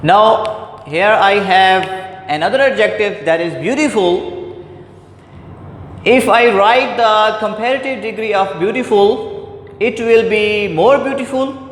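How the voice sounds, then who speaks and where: A man teaching a grammar lesson, repeating points and calling his class "my dear students". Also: high-pitched. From Pakistan. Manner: repetitive, deliberate, addresses "my dear students". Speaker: English teacher. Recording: echoey hall with faint background noise.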